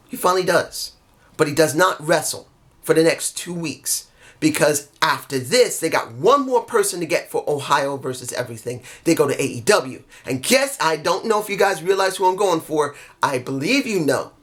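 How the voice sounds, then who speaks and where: Higher-voiced man telling a story casually. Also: normal speed. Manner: animated, jumps into quoted voices. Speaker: vlogger.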